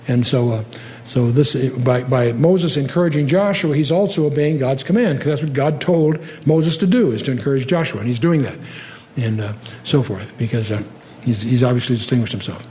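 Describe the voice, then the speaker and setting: An older man teaching the Bible verse by verse in a conversational way, often pausing with fillers and lifting his voice to read scripture aloud. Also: medium pitch, mellow, slight background noise. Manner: conversational, reads scripture aloud with rising emphasis, frequent fillers.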